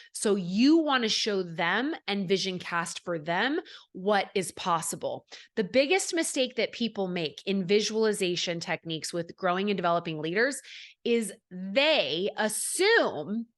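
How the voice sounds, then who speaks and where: A woman's voice: medium pitch, fairly bright tone. Chatty upbeat woman podcast coach. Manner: chatty, upbeat, many fillers, acts out quoted people. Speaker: podcast host and network marketing coach. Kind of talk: solo podcast teaching.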